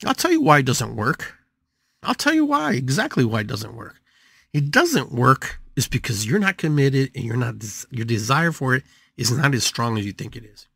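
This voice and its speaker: An older man hosts a live podcast monologue with an animated delivery. He repeats his phrases and his voice swings up and down, recorded dry and close with no room echo. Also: mid-range voice, moderate pace, gravelly, breathy edge. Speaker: podcast host and shamanic healer.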